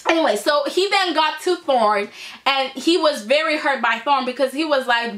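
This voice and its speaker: A woman giving a casual, animated review of a soap opera, talking straight to viewers and cursing freely. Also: high-pitched, moderate pace. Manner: animated, profane, talks to viewers directly.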